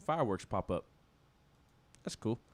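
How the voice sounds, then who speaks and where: A man's voice: fairly low pitch, expressive, a little slow, no room sound. A man co-hosting a casual sports talk show, rambling with many restarts and laughing at himself. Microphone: studio microphone.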